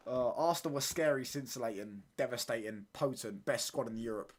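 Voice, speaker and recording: A man's voice: mid-range voice, brisk. A man, chatting casually on a football watchalong stream and often asking "do you get what I'm saying?". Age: 20s. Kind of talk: casual live-stream chat.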